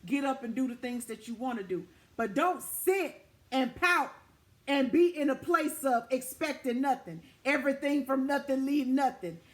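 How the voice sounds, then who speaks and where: A woman's voice: high-pitched, normal speed. A woman delivering a prophetic word to her viewers, exhorting them emphatically and repeating her points in an informal, direct way. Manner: informal, direct address to listeners. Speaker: prophetic minister.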